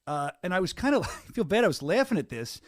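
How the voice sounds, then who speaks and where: A man's voice: high-pitched, sing-song, fast, dry recording, clean studio sound. A middle-aged man hosting a casual podcast, joking and laughing often. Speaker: podcast host.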